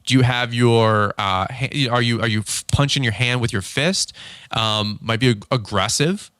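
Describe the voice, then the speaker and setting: Bright-voiced man coaching casually. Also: normal speed, no room sound. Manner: animated, acts out dialogue with pitch swings; repeats words and restarts often. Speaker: podcast host.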